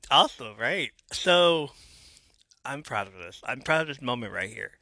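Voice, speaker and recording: A man hosts his own wrestling podcast, rambling in casual solo talk full of fillers, restarts, and self-mockery. His voice is medium-pitched, gravelly and sharp, expressive, at a moderate pace.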